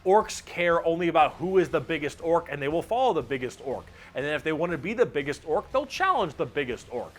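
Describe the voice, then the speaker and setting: Excited guy ranting about a war game, swears a lot, kinda high voice. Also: fairly quick, few pauses. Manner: excitable, profane, mimics characters. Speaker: explainer. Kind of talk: animated casual explanation.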